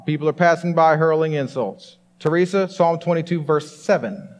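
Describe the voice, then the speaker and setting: A man preaching with animated emphasis to his congregation. His voice sits a little high. The sound carries the long reverb of a church hall. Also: moderate pace, slight background noise. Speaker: pastor. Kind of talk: sermon.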